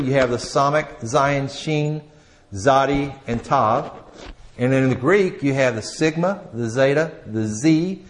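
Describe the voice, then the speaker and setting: Man lecturing, halting and conversational. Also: mid-range voice. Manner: conversational, halting, asks the audience questions. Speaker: teacher. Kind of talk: classroom lecture.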